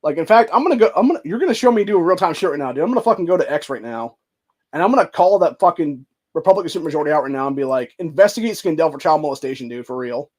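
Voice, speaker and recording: A young man with a high-pitched voice rants heatedly about politics. His talk is profane and loose, full of dude and bro. He sounds like a casual online host. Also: animated, very fast, darkish tone. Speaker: commentary host. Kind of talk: angry political rant.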